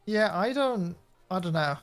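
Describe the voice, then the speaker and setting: A British man joins a casual chat. His voice is a touch high and gravelly with fry. His answers come short and hesitant. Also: expressive, unhurried. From United Kingdom. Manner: brief, hesitant replies. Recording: faint music behind.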